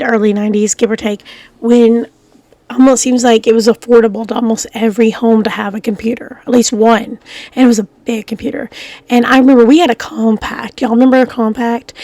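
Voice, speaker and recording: A middle-aged woman talks to her viewers in a loose, rambling way. She fills her speech with ums and restarts. Her voice sounds groggy from coughing, sits a bit high, and is recorded dry and close. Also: warm tone, dry recording. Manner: rambling, many fillers and restarts. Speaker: vlogger. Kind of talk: casual rambling talk to camera.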